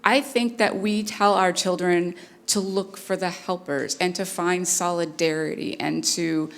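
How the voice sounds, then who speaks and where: A woman's voice: on the low side, fairly even intonation, unhurried. A woman speaker telling a personal story on stage in an earnest, conversational way with many fillers. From Canada. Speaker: keynote speaker.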